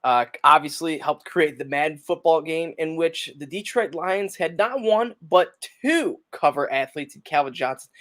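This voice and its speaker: A man's voice: fairly high pitch, moderate pace, few pauses, a bit bright. A man co-hosting a casual sports podcast, friendly and chatty, putting questions to the others. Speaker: podcast co-host.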